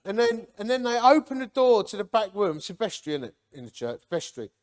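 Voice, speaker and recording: A man, giving a lively, jokey personal testimony to a men's gathering and acting out the people in it. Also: high voice, brisk. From Hornchurch, England. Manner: lively, jokey, acts out quotes.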